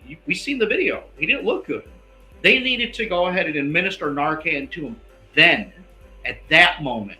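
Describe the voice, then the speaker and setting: A man with a bright, forceful, slightly high voice argues his points emphatically, punctuating nearly every thought with "all right". The sound is roomy and echoey, with faint music underneath. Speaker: investigative guest. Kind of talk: heated interview talk.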